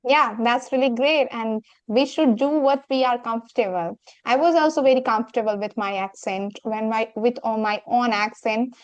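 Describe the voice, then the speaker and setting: A woman's voice: on the high side, moderate pace, few pauses, no room sound. A woman in a casual English practice chat, earnest and talking in long searching sentences. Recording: dull, muffled sound.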